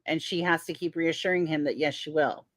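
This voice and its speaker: A woman's voice: deep voice, steady tone, fairly quick, dry recording, studio quality. A woman hosting a livestream discussion, chatting casually and agreeably. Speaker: host.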